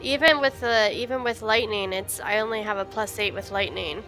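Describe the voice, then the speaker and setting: A woman's voice: medium pitch, fairly even intonation, normal speed, bright, forceful tone, faint music behind. A woman playing in a tabletop game, talking thoughtfully and with some hesitation about her character. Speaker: player. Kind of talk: casual tabletop game play.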